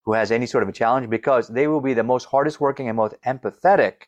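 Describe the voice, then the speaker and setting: A middle-aged man with a stutter talks as an interview guest. He explains things eagerly and demonstrates sounds as he goes. His voice sits at a middling pitch. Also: fast talker, dull audio. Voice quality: stutters, repeating opening sounds. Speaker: guest coach. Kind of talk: conversational interview.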